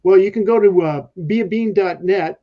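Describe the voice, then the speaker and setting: A man's voice: high-pitched, normal speed, muffled recording. A man guest on a podcast, telling leadership stories in a rambling way with many fillers. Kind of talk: casual podcast talk.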